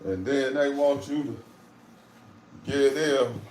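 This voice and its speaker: This live stream host from St. Louis speaks slowly in a mid-range, slightly mellow voice. He keeps the chat casual, talking streetwise and repeating phrases, in a roomy recording with faint background noise.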